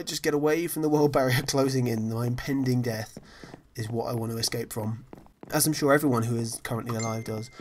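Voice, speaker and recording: A man's voice: mid-range voice, slight background noise. A man giving casual, rambling commentary over his own gameplay, chatty, apologetic and self-deprecating. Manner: frequently apologetic. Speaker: gaming channel host.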